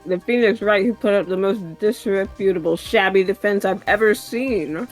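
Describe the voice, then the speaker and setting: A woman reading aloud the slow, even lines of a cool, taunting male prosecutor from a game. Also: medium pitch, soft background music, natural voice, rough recording.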